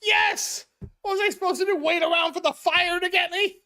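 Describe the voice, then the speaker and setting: A woman's voice: very high-pitched, normal speed, a bit bright, pitched above the performer's own voice. A woman voicing a panicky, selfish man from a sitcom who whines defensively and gets exasperated. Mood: panicky whining.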